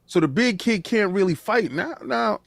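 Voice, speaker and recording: A male podcast host with a high, vocal-fried voice rants emphatically at a moderate pace in casual conversation, often restarting and repeating words as he begins sentences. He sounds animated, and the recording has no echo.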